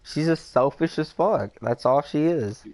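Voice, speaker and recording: A man's voice: a little high, a little slow. A young man chatting casually over a game headset, gossiping with heavy swearing and mimicking people. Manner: profane, animated gossip with quoted voices. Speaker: gamer chatting on a live stream. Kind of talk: casual chat.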